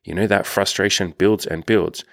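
A man's voice: low voice, fairly even intonation, moderate pace, vocal fry, fairly bright tone, no echo, studio quality. A young man coaching on dating, talking in a rambling, self-deprecating way and swearing freely. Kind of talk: casual coaching monologue.

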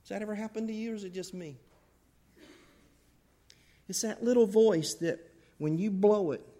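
Fervent preacher, high voice. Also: male voice. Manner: swings from loud fervent bursts to soft intimate asides. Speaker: pastor. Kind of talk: sermon.

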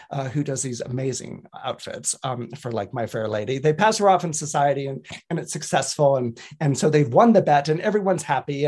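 A man, an astrologer, telling a story in a casual, rambling way, with frequent restarts and repeated words. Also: fairly high pitch. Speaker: astrologer and guest commentator.

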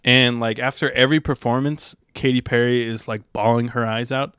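A man's voice: mid-range voice, fairly even intonation, normal speed, fairly bright tone, clear, resonant tone, no room sound, studio quality. A young man, a stand-up comedian, talking in a casual, rambling monologue with a crude, profane and wry manner.

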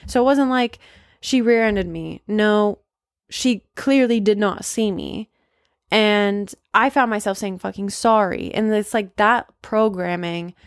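Woman podcast host, casual and blunt, heavy swearing and fillers, mid-pitched, dry close sound. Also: no room sound. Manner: candid, swears often, many "like" fillers; emphatic, confessional. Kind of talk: casual solo podcast talk.

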